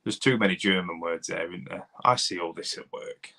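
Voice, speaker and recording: Speaking at normal speed with a creaky quality, a South Yorkshire man from Doncaster in his thirties chats on his livestream. The car mechanic reads comments in a slightly low voice with a bright edge, rambling and calling viewers buddy and mate.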